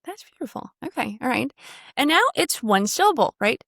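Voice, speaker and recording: A woman coaching pronunciation in a one-on-one lesson, her voice sitting a little high. She models each sound, sings it out and keeps praising the student. The sound is dry and close. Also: very animated, fairly quick, vocal fry, a bit bright, no room sound.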